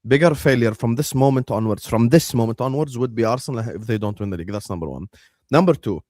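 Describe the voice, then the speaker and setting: A young man hosting a stream, arguing about football in a heated, animated way, swearing and dropping Arabic phrases. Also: medium pitch, fast, no echo, clean studio sound. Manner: argumentative, animated, swears, says "wallah" and "inshallah". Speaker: host.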